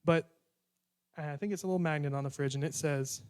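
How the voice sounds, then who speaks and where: A man's voice: a little high, brisk, a little mellow, clear, resonant tone. A young man preaching a sermon in a conversational way, acting out prayers and bits of dialogue.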